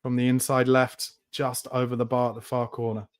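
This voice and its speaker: A man's voice: mid-range voice, completely flat delivery, fairly quick, smooth. A man hosting a live fan watchalong, giving play-by-play and angry, swearing rants about his team. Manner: angry, swearing, shouts in bursts. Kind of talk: live match reaction and commentary.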